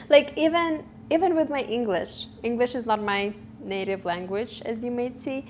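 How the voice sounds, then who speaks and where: A woman's voice: on the high side, unhurried, a little mellow, a little hiss or hum. A woman in her twenties talking to the camera for her vlog, thoughtful and often searching for her words. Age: 20s. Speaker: vlogger. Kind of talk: reflective talk to camera. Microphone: camera recording.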